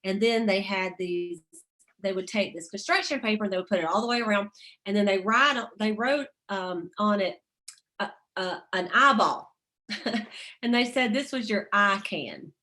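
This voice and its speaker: A woman's voice: mid-range voice, normal speed, sharp tone. Chatty woman leading a motivational call. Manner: chatty, laughs often, reads quotes aloud. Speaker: sales team leader.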